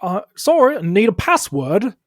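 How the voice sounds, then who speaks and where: A man puts on a jumpy young bard with a put-on Irish accent, high and loud. He sounds eager but hesitant, quick to back down. The close mic sounds dry. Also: very animated, dry recording, exaggerated voice. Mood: jittery. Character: nervous young male bard, about twenty.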